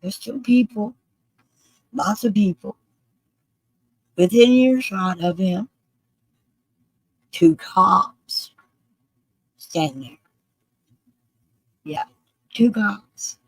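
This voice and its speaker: A speaker retelling a personal story in a slow, deliberate way. The voice is mid-pitched and earnest. The recording is dry and close, with no room sound. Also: creaky, no room sound, poor audio.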